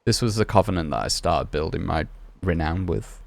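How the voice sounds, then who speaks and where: A man's voice: low-pitched, lively intonation, moderate pace, vocal fry, dry recording. A man streaming a game, rambling casually and questioning himself as he plays. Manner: rambling, self-questioning, chatty. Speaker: gaming streamer. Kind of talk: casual gameplay commentary.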